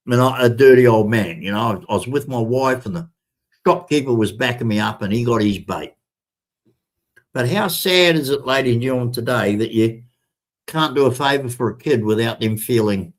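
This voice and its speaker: A man's voice: mid-range voice, lively intonation, moderate pace, pauses often. Chatty older man telling a story. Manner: chatty, repetitive, addresses viewers as ladies and gentlemen. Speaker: vlogger. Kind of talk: casual storytelling to camera.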